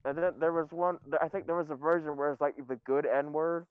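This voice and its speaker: Wry, high-voiced young-sounding man. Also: steady tone, brisk, narrow, tinny audio. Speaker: podcast co-host. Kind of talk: casual chat.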